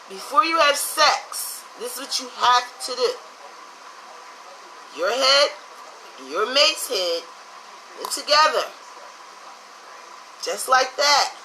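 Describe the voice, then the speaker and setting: A woman's voice: a little high, sharp tone, a little hiss or hum, rough recording. A woman from the United States giving blunt, profane relationship advice in a casual monologue.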